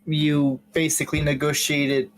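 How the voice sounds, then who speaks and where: Slow, deliberate tabletop player. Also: medium pitch, flat delivery, low-quality recording. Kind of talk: tabletop role-play.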